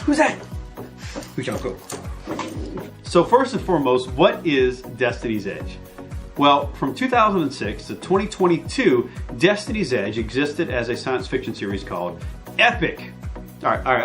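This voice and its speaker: A man's voice: medium pitch, very animated, normal speed, fairly bright tone, faint music behind. Chatty middle-aged man, casual vlog. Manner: chatty and self-deprecating, with playful asides. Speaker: author promoting his book series. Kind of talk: casual direct-to-camera vlog.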